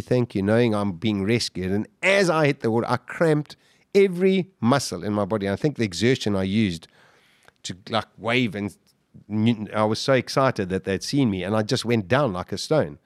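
A South African man tells his story with real intensity. His everyday voice sits mid-low, but he throws it high and loud whenever he acts out a shout or a quote. The sound is close and dry. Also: no room sound. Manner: vivid, acts out shouts and quotes, voice jumps high when excited. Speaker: guest.

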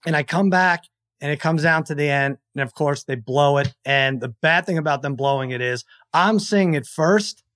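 Animated storytelling man in his forties. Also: fairly high pitch, normal speed. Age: 40s. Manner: animated storyteller who acts out family members' shouts. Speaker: podcast guest. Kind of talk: casual chat storytelling.

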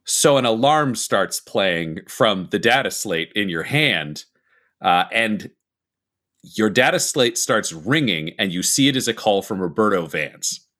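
Guy running a tabletop game, lowish bright voice, explains stuff while he thinks. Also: expressive, measured pace. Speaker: game master.

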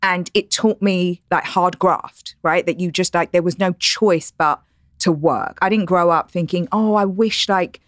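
A woman in her forties from East London with a softened East London accent, a guest chatting candidly in a podcast interview, laughing easily and filling her talk with "like" and "you know.". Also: on the low side, steady tone, measured pace, no room sound, studio quality. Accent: East London English, softened. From East London, England. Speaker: guest entrepreneur. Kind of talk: casual interview chat. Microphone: studio podcast mic.

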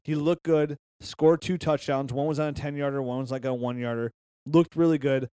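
A man co-hosting a podcast, chatting about football in a lively, joking, excitable way. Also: a little high, moderate pace, clear, resonant tone, dry recording, clean studio sound. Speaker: podcast co-host. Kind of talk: casual sports chat.

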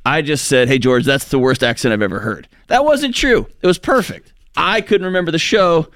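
A man's voice: on the high side, animated, normal speed, fairly bright tone, no room sound. A man co-hosting a radio advice show, playful and self-mocking in casual studio talk. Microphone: studio mic.

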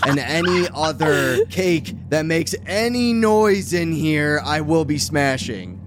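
A brash man playing a tabletop game, talking bluntly about smashing things. The recording carries a clear hiss. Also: on the high side, animated, takes it slowly. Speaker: player. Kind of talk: casual tabletop play.

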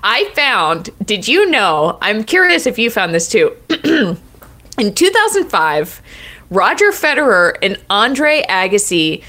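Woman podcast cohost, bright tone, gets excited and rambles, laughs a lot. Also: mid-range voice, slow. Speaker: podcast co-host. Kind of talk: casual chat.

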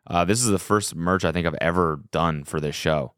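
A man's voice: low voice, normal speed, fairly bright tone, clear, resonant tone, no room sound. A man hosting his own podcast in casual chat, loose and joking, with lots of fillers and restarts, recorded on a small studio set. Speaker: podcast host. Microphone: studio podcast mic.

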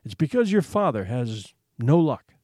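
A man's voice: medium pitch, very animated, a little mellow, no room sound, studio quality. Bitter weary mother, as a man reads her. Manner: slow, bitter, sighing replies. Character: bitter, weary adult mother worried about money.

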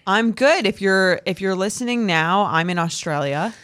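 A woman's voice: mid-range voice, animated, normal speed, fairly bright tone. A woman co-hosting a podcast in casual, laid-back chat with a dry wit. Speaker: podcast co-host.

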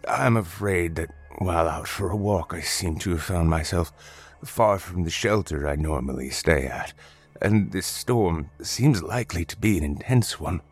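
A man doing a hoarse, frail old vagrant. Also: sits low, moderate pace, soft background music. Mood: grateful, courteous. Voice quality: hoarse and scratchy. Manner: courteous, formal. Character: frail old homeless man, polite and grateful. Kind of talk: storybook narration.

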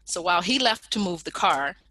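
A woman telling a personal story in a lively storytelling manner, acting out the people in it with raised voices. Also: on the low side, fairly quick. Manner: animated, acts out quoted people in raised voices.

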